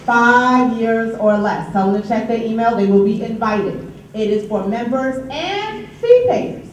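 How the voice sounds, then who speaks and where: A woman's voice: a little high, moderate pace. A woman with a New York accent, a union treasurer giving committee reports at a members' meeting. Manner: upbeat, animated when announcing. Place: large meeting hall. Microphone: distant from the recorder. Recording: echoey hall from far off, background noise.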